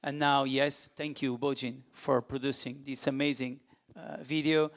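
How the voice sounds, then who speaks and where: A man's voice: mid-range voice, little pitch movement, unhurried. A man from Portugal giving an earnest, urging conference speech at a federation forum, repeating his appeals.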